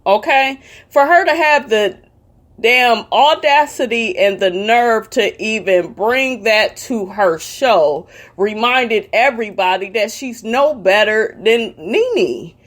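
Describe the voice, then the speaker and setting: A woman's voice: fairly high pitch, lively intonation, slow pace. A woman giving a heated, profane commentary rant, sassy and blunt, cursing freely. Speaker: commentary vlogger.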